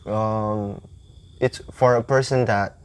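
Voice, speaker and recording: A young Indonesian man speaks English with an Indonesian accent in a relaxed chat. He pauses often and searches for his words. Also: fairly low pitch, clear, resonant tone. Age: young adult. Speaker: university English student, guest.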